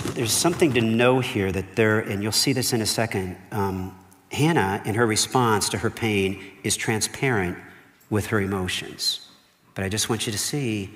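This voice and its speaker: A man's voice: lowish voice, a bit bright. A man, a pastor, delivering a conversational sermon, often checking in with "okay?" and "right?". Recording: long hall reverb.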